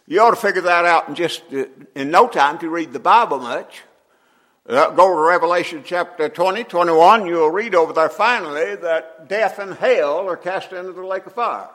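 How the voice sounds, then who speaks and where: An older man preaching a sermon in a folksy way, often clearing his throat between phrases. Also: high voice, moderate pace, a bit bright. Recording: long hall reverb.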